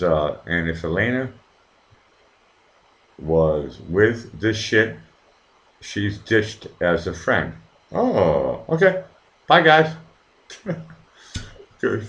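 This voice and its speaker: A man's voice: low voice, dull audio. A man hosting his own live stream, reading the chat and ranting at viewers with lots of swearing. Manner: profane, heated, talks straight to viewers. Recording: echoey room.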